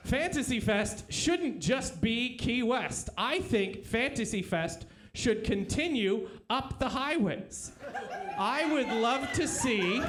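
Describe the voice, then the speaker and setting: A man doing comedy as a debater in a live club, crude punchlines with shouted bits. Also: very high-pitched.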